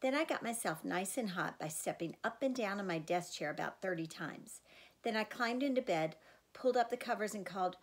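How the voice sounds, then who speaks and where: A woman narrating a first-person audiobook chapter in an expressive, girlish way. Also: mid-range voice, brisk.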